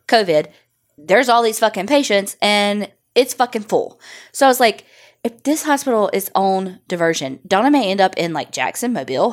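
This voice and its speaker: Blunt, lively woman. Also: medium pitch. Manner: blunt, profane, joking. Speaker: podcast co-host. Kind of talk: casual chat.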